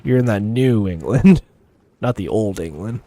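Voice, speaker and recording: A man streaming a game live, chatting casually with viewers and rambling with lots of fillers and quick chuckles. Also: on the low side, expressive, warm tone. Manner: chats with viewers while playing. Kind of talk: casual gameplay commentary.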